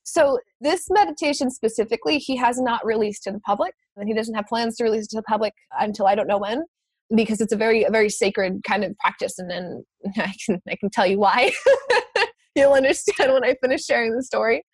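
A woman telling a personal story in casual conversation, animated, laughing often and swearing casually. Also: fairly high pitch, a little fast, slightly rough, no room sound.

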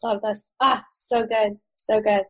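Female podcast co-host, mid-pitched and a bit husky, dry close sound. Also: level tone, a little slow, dry recording, rough recording. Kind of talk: casual podcast explanation.

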